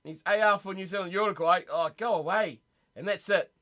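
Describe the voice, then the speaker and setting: A young man rambles and reacts aloud to his chat, excitable and chatty. His voice sits high and sounds bright and lively. He talks casually, like a live streamer at home. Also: fairly quick. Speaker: streamer hosting a rugby watch party. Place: home room.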